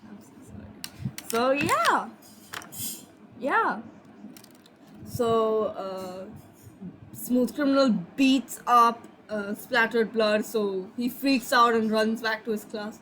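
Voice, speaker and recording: A woman's voice: on the high side, animated, slow, long pauses, fairly bright tone, a little hiss or hum, rough recording. A sleepy woman casually telling her own fan story, rambling, apologizing and trailing off.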